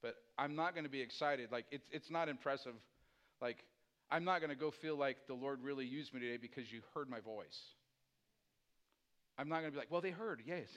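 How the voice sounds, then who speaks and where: A man preaching a sermon as pastor, swinging from hushed, low asides to loud, climbing emphasis. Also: a little fast.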